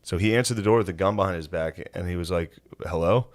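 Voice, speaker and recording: Man, low voice, dry, laid-back, swears, casual podcast chat. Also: very fast. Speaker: podcast co-host.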